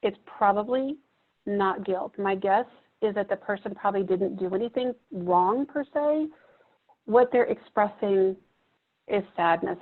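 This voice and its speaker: A woman's voice: medium pitch, measured pace. A woman gives a reflective teaching talk to a room of therapists, putting questions to the audience. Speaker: presenter at a training. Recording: muffled phone-like audio.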